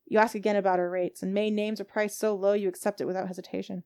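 A woman's voice: medium pitch, level tone, fast talker, darkish tone, clear, resonant tone. A woman narrating a tabletop game as game master, reading steadily with small stumbles.

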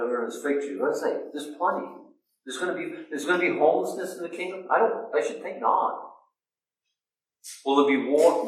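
Preacher man in an echoey hall. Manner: animated storytelling, acting out quoted voices with big pitch jumps. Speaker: pastor. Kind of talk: sermon. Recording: echoey room, distant mic.

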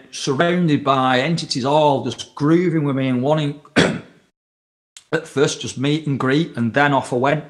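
A man, a podcast guest telling a long story in casual chat, rambling and swearing freely as he acts out the quotes. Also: medium pitch.

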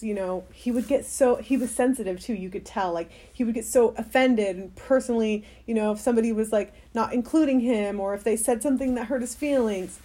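Mellow-voiced young woman, rambling chat. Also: mid-range voice. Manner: rambling, many fillers. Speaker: podcast co-host. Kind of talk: casual chat.

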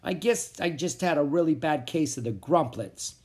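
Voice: expressive, normal speed, darkish tone, close to an everyday voice. A storybook reader voicing Pip, a small playful male forest creature with a sing-songy voice. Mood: sheepish. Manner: sing-songy, high and bouncy.

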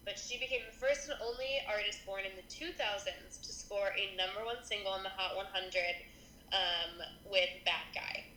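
A woman's voice: medium pitch, fairly even intonation, moderate pace, pushed and bright, slight background noise. Woman co-host in an echoey room. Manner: reads news items off a list, then chats. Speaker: podcast co-host. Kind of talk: casual pop-culture chat. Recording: roomy echo with faint ambience.

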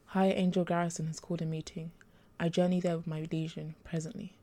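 A woman voicing a solemn male angel elder who speaks in a measured, grave way, in a storybook reading. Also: fairly high pitch, flat delivery, mellow, close to an everyday voice.

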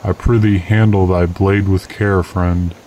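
A man reading as a courtly masked stranger, low-voiced. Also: little pitch movement, unhurried, warm tone, a little hiss or hum. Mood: courteous, guarded. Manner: courtly, old-fashioned phrasing. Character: mysterious masked male stranger, courteous and secretive.

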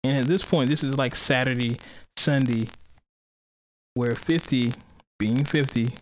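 A man hosts a podcast in casual chat, his medium-pitched voice unhurried in a low-quality recording with a little hiss or hum. He rambles and curses, often laughing as he retells things.

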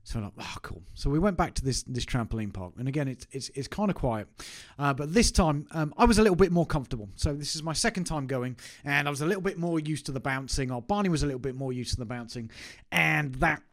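A man's voice: a little high, animated, fast. A man, telling a personal story to camera in a chatty, self-mocking way. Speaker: business owner vlogger. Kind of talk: casual anecdote to camera.

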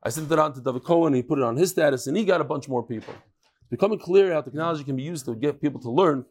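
Hoarse man teaching a Talmud class. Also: a little high, a little mellow. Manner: chatty, with quick asides to people in the room. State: hoarse from a cold. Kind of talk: casual Talmud lesson.

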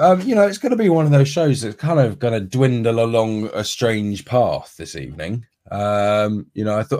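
A man's voice: fairly low pitch, a little mellow. A man co-hosting a casual sports podcast, rambling with lots of ums and restarts. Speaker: podcast co-host.

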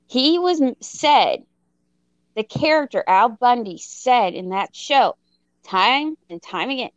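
A woman in her thirties tells a story on a casual co-hosted chat, with a smooth, clear voice pitched a little high. She talks slowly and animatedly and pokes fun at herself. The close, dry sound is slightly dull and lo-fi. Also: no room sound. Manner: animated, self-mocking, often laughing mid-story. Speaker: podcast co-host.

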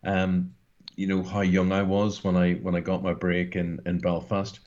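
Deep-voiced Northern Irish man in his 60s. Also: completely flat delivery, moderate pace, darkish tone, highs cut off. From Northern Ireland. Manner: earnest, emphatic, rambling. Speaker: guest broadcaster. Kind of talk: casual interview talk.

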